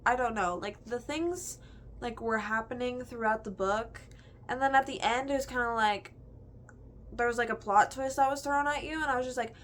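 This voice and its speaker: A woman's voice: on the high side, normal speed, a bit bright, slight background noise. A young woman in a casual book review chat, gushing and chatty, filling her talk with "like". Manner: gushing, chatty, heavy use of "like".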